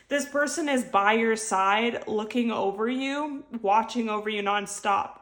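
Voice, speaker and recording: A woman's voice: a little high, measured pace, few pauses. A woman giving an intuitive tarot reading to her viewers, talking in an earnest, emotional way and repeating her phrases. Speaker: tarot reader.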